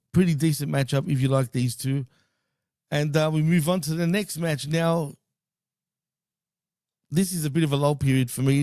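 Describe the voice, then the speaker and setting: A man co-hosting a wrestling podcast in a loose, excitable way, throwing in dude and bro and the odd swear. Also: a little high, dry recording, clean studio sound. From Greek heritage. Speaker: podcast co-host. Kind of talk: casual wrestling chat.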